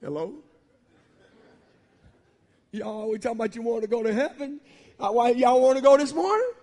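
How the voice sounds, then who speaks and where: Man preaching, very high voice for a man, colloquial and animated, church with long reverb. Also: moderate pace. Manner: colloquial, animated, teasing the congregation. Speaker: pastor. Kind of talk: sermon. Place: church sanctuary.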